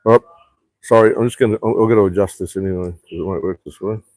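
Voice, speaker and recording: A man rambles through a casual live stream from an outdoor rooftop bar, swearing freely and reading viewer comments aloud. His voice is fairly low and darkish, with fairly even intonation and a quick pace, in a dry recording.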